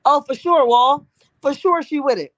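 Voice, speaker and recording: A woman hosts a casual gossip live-stream, sassy and talkative. Her voice sits high. It is recorded dry and close, with no room sound. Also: moderate pace, no room sound. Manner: sassy, calls viewers honey and boo.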